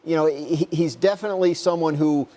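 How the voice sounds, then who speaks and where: Chatty sports reporter man, slightly high voice. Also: a little fast, mellow. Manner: rambling, many restarts and retold quotes. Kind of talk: conversational interview answers.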